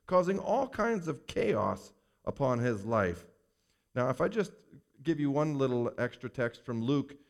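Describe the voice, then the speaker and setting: Pastor, male, sermon delivery, animated intonation, reads scripture then expounds emphatically. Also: mid-range voice.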